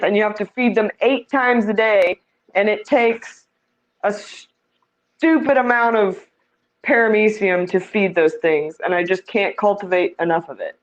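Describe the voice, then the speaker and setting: A woman's voice: medium pitch, measured pace, highs cut off. A woman giving a casual tour of the fish tanks in her home, chatty and self-deprecating, laughing easily.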